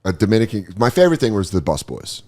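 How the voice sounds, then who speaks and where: A man's voice: fairly low pitch, fast. A man hosting a podcast, chatting casually and telling profane stories with bursts of put-on voices. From United States. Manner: profane, animated storyteller who breaks into voices. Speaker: podcast host. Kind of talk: casual chat.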